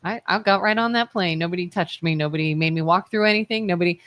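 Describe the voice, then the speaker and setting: A woman co-hosts a live talk radio debate from a studio, arguing her side argumentatively with a string of rhetorical questions. Her voice is fairly low and a bit bright, her pace quick, and there's no echo.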